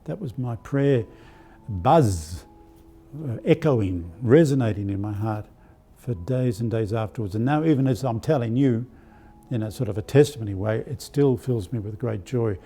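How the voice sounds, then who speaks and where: An older Australian archbishop telling personal stories in a live-streamed spiritual talk, with a gentle anecdotal manner and many fillers. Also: male voice, medium pitch, normal speed, husky. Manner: warm anecdotal, hesitant with fillers.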